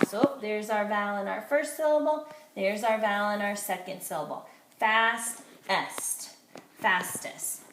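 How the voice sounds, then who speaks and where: A woman teacher giving a phonics lesson to young children, slowly and clearly sounding out letters and syllables. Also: on the high side, fairly bright tone, reverberant, slight background noise.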